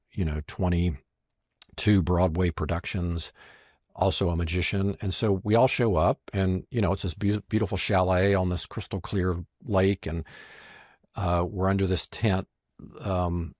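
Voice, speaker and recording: Recorded dry in a clean studio, a deep-voiced man appears as a podcast guest. A magician and marketing strategist, he tells lively stories, acting out the lines he quotes.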